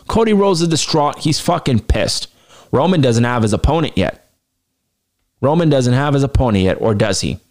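A man hosting a podcast solo, giving animated, casual commentary with plenty of swearing and open self-confidence. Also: a little high. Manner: animated, profane, self-assured. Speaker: podcast host.

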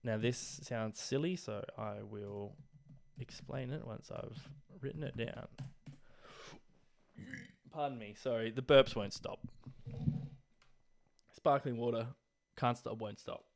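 Speaking slowly with vocal fry and frequent pauses, this medium-pitched young Australian man hosts a casual podcast by himself. His talk wanders, full of swearing and filler words, with a slight cough left over from an illness.

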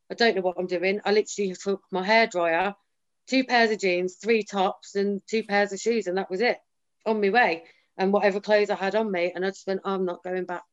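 A woman talking candidly in a casual chat, emphatic and often quoting herself and others. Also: mid-range voice. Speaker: guest sharing her story. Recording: slightly dull lo-fi sound.

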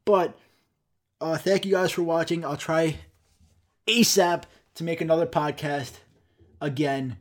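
A man's voice: a little high, steady tone, unhurried, long pauses. A young man hosting a solo podcast, ranting in a profane, exasperated way and acting out the customers and himself in quoted dialogue. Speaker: podcast host. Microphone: studio microphone.

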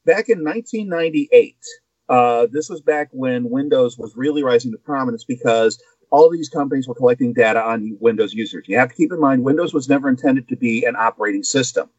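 A man's voice: medium pitch, brisk, a little mellow, no echo, dull audio. Man explaining news on a podcast. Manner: explanatory, with asides and filler. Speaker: guest co-host. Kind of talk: casual podcast chat.

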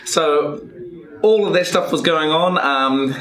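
A man with a New Zealand accent, a podcast guest telling his life story in a relaxed, thoughtful way with easy chuckles. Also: a little high, slow pace. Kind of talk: reflective life story, casual chat. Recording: echoey room.

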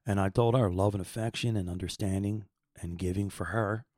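Middle-aged man, 50s, low voice, dry recording; earnest, rambling podcast host who stumbles over repeated words. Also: steady tone, a little fast, darkish tone, no echo. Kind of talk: personal faith talk.

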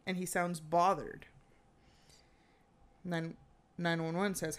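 A woman chatting casually, retelling a true-crime story with animated quoted lines and frequent fillers. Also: on the low side, slow, long pauses.

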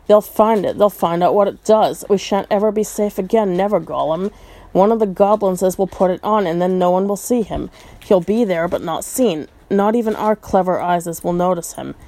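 A woman's voice: mid-range voice, warm tone, no room sound, lightly acted. A woman voicing Gollum, a wretched, obsessive old male cave creature who hisses, whines and mangles his grammar as he talks to himself. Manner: whiny, broken grammar, repeats words.

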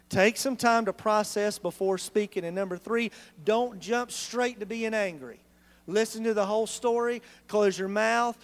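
In a high-pitched voice, a male pastor preaches in church with an animated, conversational style built around rhetorical questions.

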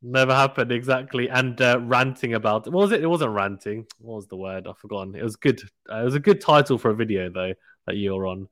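A man hosts a casual sports podcast in a chatty, teasing way and laughs often. His voice sits at an ordinary middle pitch. The sound is close and dry, with no room echo. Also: fast, fairly bright tone. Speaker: podcast host. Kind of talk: casual cricket podcast chat.

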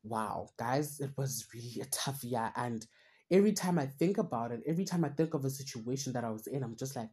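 A young woman hosts a podcast, rambling earnestly through a long, self-searching reflection on her personal struggles. She talks animatedly and a little fast, her rumbling low voice mellow with a breathy edge.

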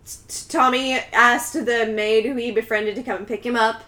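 A woman's voice: fairly high pitch, fairly even intonation, moderate pace, sharp tone. A woman co-hosting a podcast, retelling a movie's plot in a chatty, dramatic way. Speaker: podcast co-host. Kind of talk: casual movie recap.

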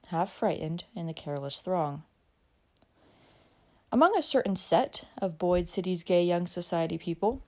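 A woman reads an old-fashioned novel aloud in a steady audiobook style. Her voice sits on the lower side for a woman. She gives the story an expressive, storytelling lilt. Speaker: narrator. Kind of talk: scripted audiobook narration.

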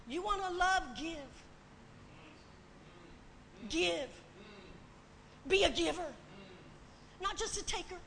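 A woman preaching a sermon with passion, building to shouting and tearful cries. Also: very high-pitched, animated, measured pace, creaky, pauses often, slight background noise. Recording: long hall reverb, faint ambience.

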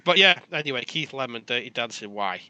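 A British man co-hosting a podcast, ranting and swearing in casual banter, quick to laugh. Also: medium pitch, expressive, sharp tone. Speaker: podcast co-host.

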